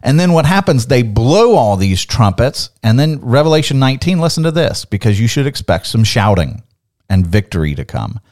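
A man in the middle of a Bible lesson on a podcast, speaking at an ordinary mid pitch. He talks emphatically, building up his points and reading scripture aloud with energy. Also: sing-song, moderate pace, a little mellow. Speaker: podcast co-host teaching the Bible. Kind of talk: animated Bible teaching.

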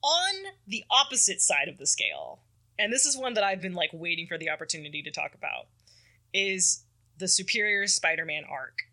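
Podcast co-host, woman, very bright voice, rambling casual recap full of fillers. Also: lowish voice, animated, fairly quick. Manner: rambling, filler-heavy, acts out characters' lines. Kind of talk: casual chat recapping comics.

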